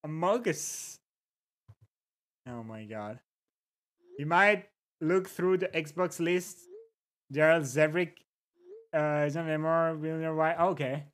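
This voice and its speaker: A livestreamer chats at a relaxed, drawn-out pace over a desk microphone. Viewer names get a quick hello between musings, and funny words get repeated just to savor them. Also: medium pitch. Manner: reads chat aloud and greets viewers between musings. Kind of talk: casual livestream chat.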